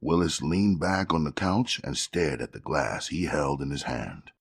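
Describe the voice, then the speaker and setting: A man narrating a crime novel audiobook in a steady, measured storytelling manner with a gravelly voice. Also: a bass voice, dry recording, studio quality.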